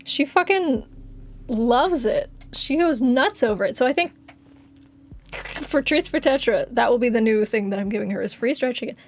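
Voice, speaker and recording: A woman's voice: fairly high pitch, animated, moderate pace, a little mellow. A young woman streamer chatting casually on a live stream, giggling often and swearing offhandedly, with music faintly behind. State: has covid.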